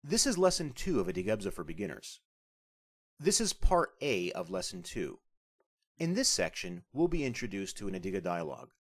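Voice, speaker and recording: A man narrating a scripted language lesson as the instructor, speaking carefully and deliberately as he breaks down sounds. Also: low-pitched, big pitch swings.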